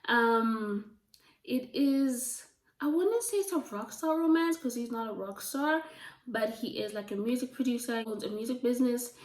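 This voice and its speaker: A woman chatting casually about books she has read, gushing and full of fillers, her voice going a little hoarse. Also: a little high, moderate pace. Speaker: book reviewer. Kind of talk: casual book review chat. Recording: roomy, from a distance.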